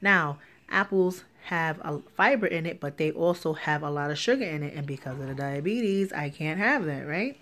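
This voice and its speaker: A young pregnant woman with a low voice tells a casual story-time vlog at normal speed. She's animated, ranting with lots of swearing and vividly acting out the people she quotes.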